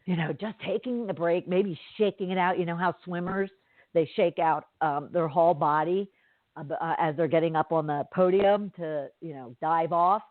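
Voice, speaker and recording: Rambly woman podcast host telling a story, low-ish voice, tinny dry phone sound. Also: dry recording. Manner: chatty, rambling, lots of fillers and asides. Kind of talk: casual storytelling monologue.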